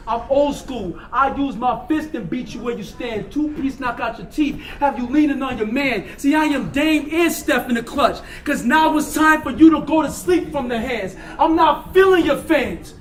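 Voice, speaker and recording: Brief: high-pitched male battle rapper, shouted punchlines, echoey hall, crowd noise behind. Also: normal speed, hardly any pauses. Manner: loud, punchy, repeats lines and laughs at his own bars. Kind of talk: battle rap performance. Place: large indoor hall. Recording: echoey hall, distant mic, loud crowd.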